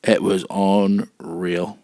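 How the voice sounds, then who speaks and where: Male podcast host, home mic, emphatic and repetitive, low-ish voice, dry. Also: drawn-out words, no room sound. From United Kingdom. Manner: earnest and emphatic, repeats himself, gets excited. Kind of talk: solo wrestling podcast talk.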